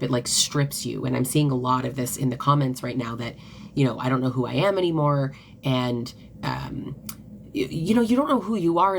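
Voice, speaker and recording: Female coach and host, earnest and chatty, deep voice, faint hiss behind. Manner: earnest and conversational, with many "like" fillers. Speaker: certified coach and author hosting a live stream. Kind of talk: live-stream talk to viewers.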